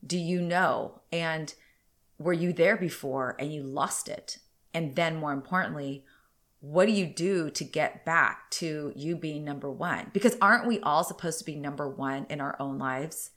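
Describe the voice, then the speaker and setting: Low-voiced woman in her 30s, bit congested, rambly candid podcast chat. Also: measured pace, a bit bright. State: a little congested. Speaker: podcast host. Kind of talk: casual solo podcast chat.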